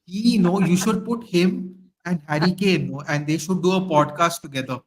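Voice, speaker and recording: A young man, co-hosting a casual football chat, animated and joking, often mimicking players. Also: sits high, normal speed.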